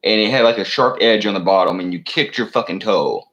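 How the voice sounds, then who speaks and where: A man with a deep, low voice rants on his own channel, cursing freely and circling back on himself. He stumbles through fillers and restarts as he talks. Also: brisk, a bit bright, muffled recording. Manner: profane, meandering, many fillers and restarts. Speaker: channel host. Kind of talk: rambling solo rant.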